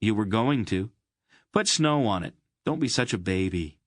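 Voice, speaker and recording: Storybook casting: a blunt, matter-of-fact boy hero, in a low male voice, the narrator's own. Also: animated, normal speed, no room sound, studio quality.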